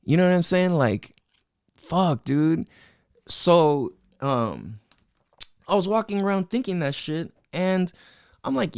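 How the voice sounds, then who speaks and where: A man's voice: on the high side, big pitch swings, takes it slowly, pauses often, darkish tone, smooth, dry recording, studio quality. A young man from California hosting a podcast, telling a personal story in casual street slang, full of fillers and swearing. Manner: loose, profane street slang with many fillers. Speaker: podcast host. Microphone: headphones with a podcast mic.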